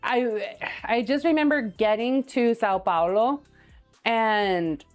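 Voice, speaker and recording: A woman's voice: a little high, slow, faint music behind. Chatty woman cooking on a livestream. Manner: chatty storyteller, reads viewer comments aloud. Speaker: cooking streamer. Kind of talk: casual chat while cooking live.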